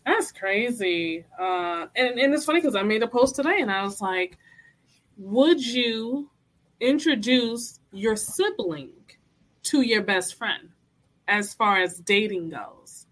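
Bright-voiced woman in casual chat. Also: medium pitch, lively intonation, slow pace, rough recording.

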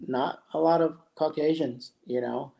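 Older guest, warm mellow tone, laid-back and reflective. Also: male voice, on the high side, measured pace. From San Jose, California. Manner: relaxed, reflective, with laughs and throat-clearing. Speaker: guest, pro skateboarder. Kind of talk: casual interview storytelling.

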